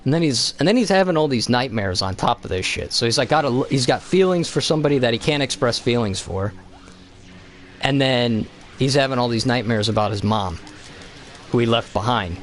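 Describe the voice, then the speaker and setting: A man streaming a game, ranting casually about a film in a rambling, excitable way with lots of swearing, from a home basement. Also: medium pitch, a little fast, soft background music. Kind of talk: casual profane movie rant.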